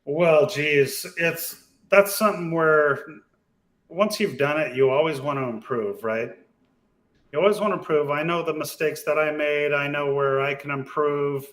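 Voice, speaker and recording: A man's voice: on the high side, unhurried. Laid-back man telling racing stories. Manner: laid-back storyteller, animated when retelling races. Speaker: guest, off-road racer. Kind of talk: casual podcast conversation.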